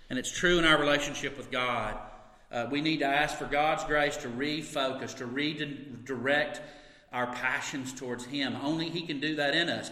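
A man's voice: mid-range voice, bright, forceful tone. A middle-aged man preaching a sermon in an earnest, conversational way, with occasional asides and light laughter. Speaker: pastor. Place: church sanctuary. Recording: echoey hall with long reverb.

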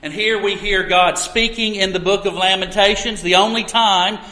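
A man preaching a sermon as pastor, earnest and storytelling, with emphatic pauses. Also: high-pitched, fairly even intonation, pushed and bright. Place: church sanctuary. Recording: echoey hall with long reverb.

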